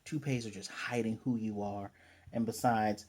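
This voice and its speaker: A man doing a calm, paranoid villain boss. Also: on the low side, moderate pace, lightly acted. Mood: self-righteous.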